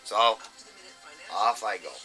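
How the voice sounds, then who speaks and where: A man's voice: on the low side, slow, bright, forceful tone, soft background music, low-quality recording. A middle-aged man, a plumber telling a work story in a blunt, salty way. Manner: blunt, salty, swears freely. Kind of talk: casual storytelling.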